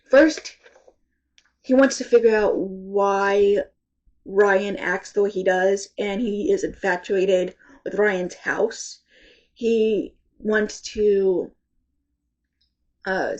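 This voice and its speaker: A woman reviewing books in a casual, rambling chat, halting often and sounding congested from allergies. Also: mid-range voice, darkish tone, dull audio. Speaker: book reviewer.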